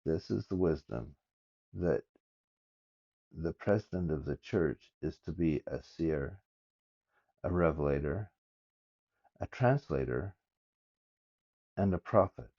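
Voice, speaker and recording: An older man reading scripture aloud and musing over it in a halting, thinking-aloud way, recorded on his phone. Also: extremely low pitch, animated, dark tone, slightly rough, lo-fi sound. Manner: reads verses aloud with halting, thinking-aloud asides. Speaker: scripture study vlogger. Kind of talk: casual scripture study talk.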